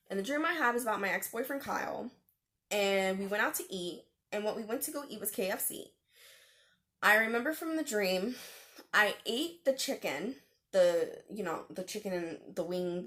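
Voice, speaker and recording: A woman's voice: medium pitch, fairly bright tone. A young adult woman vlogger telling a personal story to camera in a casual, chatty way, full of slang and fillers.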